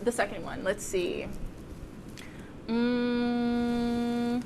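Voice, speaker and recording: Young woman guest, kinda high voice, giggly, hesitant, noisy background. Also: normal speed, fairly bright tone. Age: young adult. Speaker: guest reading game clues. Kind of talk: casual studio chat. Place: student TV studio.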